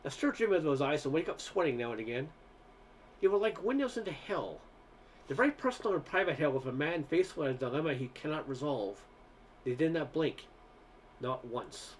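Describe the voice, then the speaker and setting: Guy reading a story out loud, easygoing, kinda high voice, trips on words now n then. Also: lively intonation, moderate pace, slight background noise. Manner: conversational, with occasional stumbles. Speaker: narrator. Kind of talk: first-person story reading.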